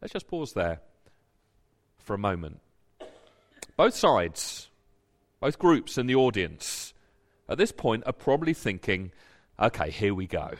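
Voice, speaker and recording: A man preaching a sermon and reading scripture, animated, often repeating words as he builds a point. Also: on the low side, unhurried, long pauses. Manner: animated, repeats words when stirred, acts out quoted voices. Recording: long hall reverb.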